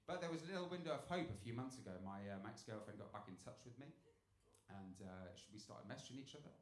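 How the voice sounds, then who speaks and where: A man doing a stand-up set on a club stage into a handheld mic, telling dark jokes deadpan, dropping low for setups and getting loud on punchlines. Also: fast talker. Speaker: stand-up comedian. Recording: echoey club with room noise.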